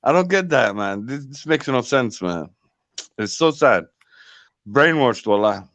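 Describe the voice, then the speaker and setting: A man's voice: medium pitch, expressive, measured pace, a bit bright, dry recording. A man, a guest in a casual chat, indignant and repetitive, switching into Somali now and then. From Somali heritage, UK. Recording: dry, dull lo-fi mic.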